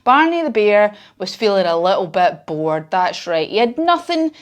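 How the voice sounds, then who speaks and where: A woman's voice: mid-range voice, sing-song, normal speed. A woman leading a children's yoga lesson told as a story, with upbeat, encouraging and playful instructions.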